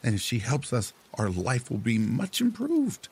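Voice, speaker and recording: A man's voice: wildly swooping pitch, measured pace, darkish tone, breathy edge, heavily acted. A man voicing a greedy, nagging old fishwife in a storybook tale, speaking in a raised, insistent voice. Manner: shrill and insistent.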